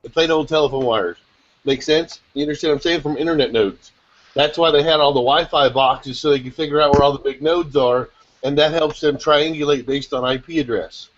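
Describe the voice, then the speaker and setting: Excitable man rambling on a video call. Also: fairly high pitch, slight background noise. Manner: excitable, rapid rambling explanations. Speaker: SEO chat panelist. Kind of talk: casual group video chat. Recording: dull lo-fi call audio.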